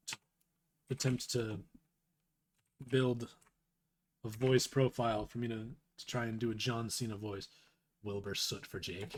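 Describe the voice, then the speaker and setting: A young man chatting casually on a live stream, rambling and self-deprecating, with frequent restarts. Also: mid-range voice. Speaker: streamer reading a webcomic aloud.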